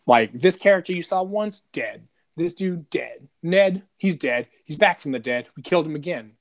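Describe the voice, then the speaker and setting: A man's voice: a little high, expressive, normal speed. A man co-hosting a podcast in casual chat, rambling and profane, with lots of "dude" and "like". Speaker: podcast co-host.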